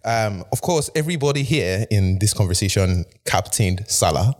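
A man's voice: fairly low pitch, animated, normal speed, a little mellow. A man hosting a casual sports podcast, recapping matches in an easygoing, rambling way with fillers. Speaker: podcast host.

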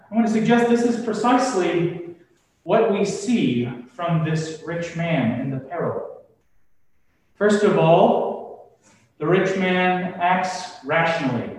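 A man preaching a sermon in a slow, deliberate, emphatic way. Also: a little high. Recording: echoey room from far off.

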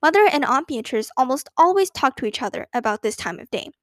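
A woman reading a children's book aloud in a gentle, expressive way. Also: on the high side, fairly quick, few pauses, no echo. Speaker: storyteller.

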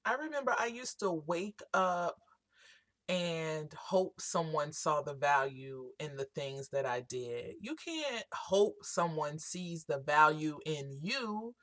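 A woman hosting her own self-help podcast, talking through motivational encouragement in a relaxed, conversational way. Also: on the low side, unhurried, no room sound. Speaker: podcast host.

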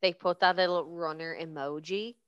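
A woman co-hosting a casual chat in a fairly low, smooth voice, recorded close and dry. She is blunt, laughs a lot, and swears in an easy, offhand way. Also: fairly even intonation, moderate pace, dry recording, highs cut off.

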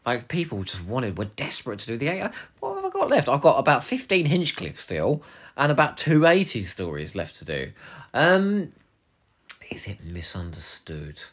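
A man's voice: medium pitch, normal speed, breathy edge. A young man co-hosting a podcast, answering listener questions in a cheeky, playful way, often dropping into asides and whispers. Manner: animated, cheeky and playful, drops into whispers and laughs. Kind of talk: casual podcast chat.

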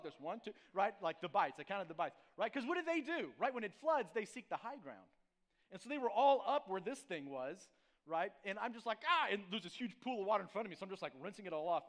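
A man's voice: high-pitched, fairly bright tone. A man preaching and praying as a pastor, then telling a casual, self-mocking story with lots of fillers. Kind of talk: sermon with prayer and personal story. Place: church sanctuary.

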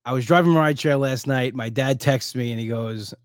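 A man hosting a casual solo podcast, sounding exhausted and low on energy. He rambles through his story with restarts, then turns animated whenever he quotes someone. His voice sits at an average pitch and is recorded dry and close, with no room sound. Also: a little fast, dry recording. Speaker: podcast host.

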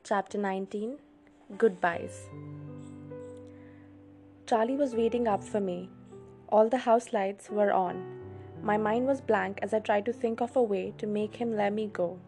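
Woman hosting a read-along, expressive storytelling voice, mid pitch. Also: unhurried, pauses often, soft background music. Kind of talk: audiobook reading.

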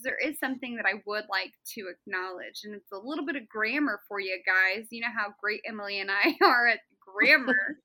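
A woman's voice: mid-range voice, fairly quick, hardly any pauses, bright, forceful tone, poor audio. A young woman co-hosting a casual Bible study podcast, bubbly and giggly as she explains the text. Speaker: podcast co-host.

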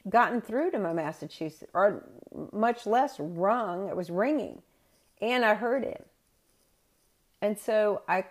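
A middle-aged woman telling a personal story in a chatty podcast style, correcting herself as she goes. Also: medium pitch. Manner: conversational, with self-corrections. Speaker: podcast host.

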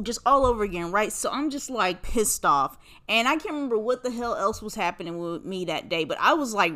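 Young woman, podcast host, bright forceful voice, fairly high pitch, swearing, rambling rant. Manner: profane, animated, rambling rant. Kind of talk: casual storytelling monologue.

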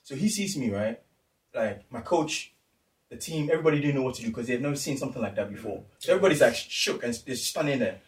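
A young man from the UK telling a story in casual chat, animated and acting out what people said. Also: medium pitch, fast talker. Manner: animated, acts out quotes, lots of slang fillers. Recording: roomy, distant mic.

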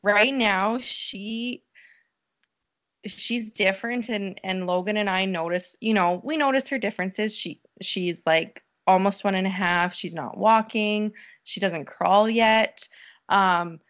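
A woman who is a mother, talking as a guest on a casual podcast. She speaks at a middling pitch in a thoughtful, hesitant way, with lots of fillers. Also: slow pace, a bit bright. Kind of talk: casual chat.

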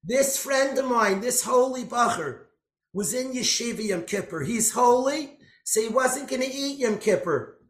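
A man giving an impassioned storytelling sermon, swinging between loud outbursts and hushed lines. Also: very high voice, animated, measured pace. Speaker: speaker giving a religious talk. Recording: echoey room.

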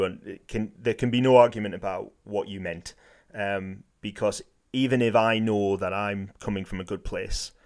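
A man with a somewhat deep voice chats casually as a podcast co-host. He probes each point with hypotheticals and plays devil's advocate, thinking out loud as a game master. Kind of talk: casual discussion.

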